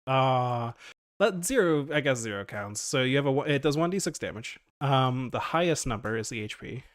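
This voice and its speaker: A man runs a tabletop game in an easygoing way, often laughing and restarting his sentences. His voice sits at a middle pitch, and the sound is close and dry with little room in it. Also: animated, moderate pace, no echo. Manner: casual, laughing, lots of fillers and restarts. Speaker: game master.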